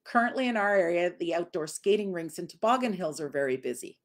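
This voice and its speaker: A woman's voice: lowish voice, lively intonation, fast talker. A woman dog trainer, answering viewer questions in a casual live lesson and often acting out what people say. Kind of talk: live Q&A teaching.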